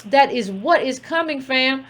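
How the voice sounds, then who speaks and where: A woman host gives blunt political commentary in a loose, conversational way. Her voice sits a little higher than most. She talks to her viewers directly and familiarly. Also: lively intonation, measured pace, fairly bright tone. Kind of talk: casual direct-to-camera political talk.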